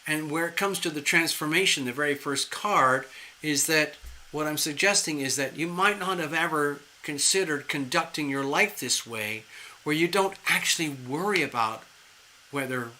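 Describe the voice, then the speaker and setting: Bright-voiced chatty tarot reader. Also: male voice, fairly high pitch, normal speed, a little hiss or hum, poor audio. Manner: animated, chatty, conversational and playful. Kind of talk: live-stream tarot reading.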